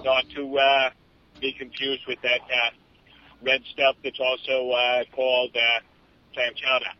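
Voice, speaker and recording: A man in casual political banter, joking drily and pausing often with "uh". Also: medium pitch, completely flat delivery. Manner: dry jokes, halting with many uhs. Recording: dull lo-fi recording.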